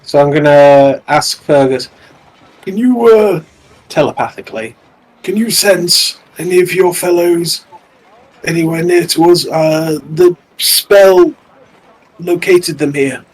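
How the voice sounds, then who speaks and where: A man at a tabletop game who asks questions slowly and haltingly, with a pitch that rises and falls a lot. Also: very animated, rough recording. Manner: hesitant, halting. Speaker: player.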